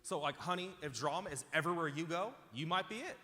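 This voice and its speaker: A man's voice: fairly high pitch, lively intonation, quick pace, bright, forceful tone, slight background noise. A man preaching a sermon as pastor, emphatic and repeating phrases as he calls out to the congregation. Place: large church auditorium. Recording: hall reverb from a large church.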